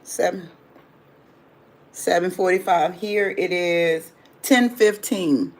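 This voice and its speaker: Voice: medium pitch, slow. Rambling motivational livestream host. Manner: loose, rambling motivational advice in everyday speech; repeats phrases for emphasis. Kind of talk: casual livestream talk answering viewer chat.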